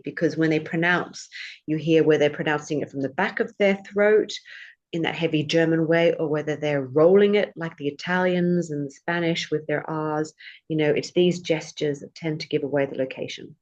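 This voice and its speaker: Woman, low voice, chatty and thoughtful podcast guest. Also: steady tone, moderate pace, a little mellow, dull audio. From England. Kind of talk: casual interview chat.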